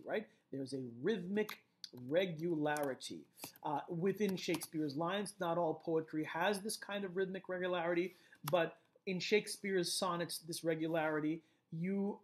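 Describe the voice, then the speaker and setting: A man giving a recorded literature lecture, explaining poetic rhythm step by step and often checking in with "right?". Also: a little high. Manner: explanatory, repeats key phrases, frequent "right?"; rhythmic chanting of stress patterns.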